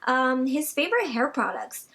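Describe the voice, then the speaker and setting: A young woman vlogger answers viewer questions in a loose, rambling way, full of "like" and restarts. Her voice sits fairly high and has a breathy, slightly husky grain. She sometimes sinks into a soft near-whisper. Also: sing-song, moderate pace. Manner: chatty, rambling, many "like" fillers. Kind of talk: casual Q&A vlog chat.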